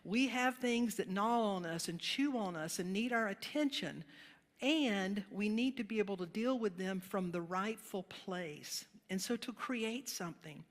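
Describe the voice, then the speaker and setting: A woman pastor preaches a sermon in an easy, conversational way, telling stories as she goes. Her voice sits at a middle pitch and carries a long reverb from the church hall. She laughs along with the congregation at times. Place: church sanctuary.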